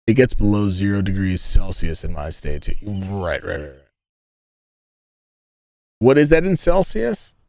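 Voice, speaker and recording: Man, deep-ish voice, dry recording, casual rambling stream chat, frequent swearing. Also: big pitch swings, a little slow, pauses often, warm tone, no room sound. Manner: rambling, profane, joking, talks to chat. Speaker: streamer chatting with viewers. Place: inside a tent.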